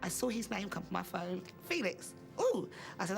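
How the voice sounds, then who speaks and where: A woman's voice: mid-range voice, very animated, moderate pace, creaky, few pauses, soft background music. A woman in a documentary interview, telling stories expressively and acting out her reactions.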